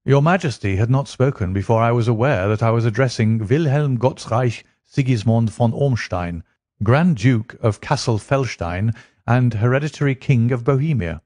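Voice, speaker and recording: A man voicing a cool, sharp-minded male detective in a dry, clipped manner, his voice lifted a little above his narrating voice. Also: mid-range voice, lively intonation, moderate pace, no room sound, lightly acted.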